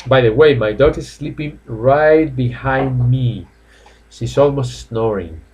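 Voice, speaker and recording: A man teaching English in a live online class from home, chatty, repeating each phrase slowly. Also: mid-range voice, a little mellow.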